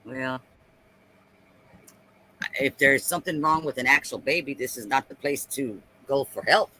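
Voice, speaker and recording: A man talking on a casual live stream, animated and ranting, repeating himself as he makes his point. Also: mid-range voice, unhurried, poor audio.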